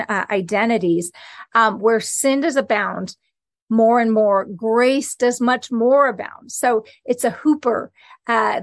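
A woman's voice: a little high, no room sound. A woman preaching an earnest, conversational sermon and reading scripture aloud as host of her podcast.

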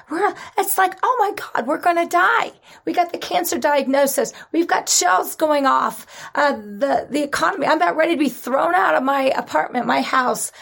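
A woman preaching a sermon in an animated, conversational way, with dramatic emphasis and laughter. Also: a little high.

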